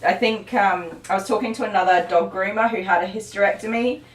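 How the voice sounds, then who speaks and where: A woman's voice: medium pitch, a little fast, distant mic. A middle-aged woman, hosting a casual live stream as a dog groomer, rambling and chatty with many ums and laughs. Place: grooming salon. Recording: roomy, from off the mic.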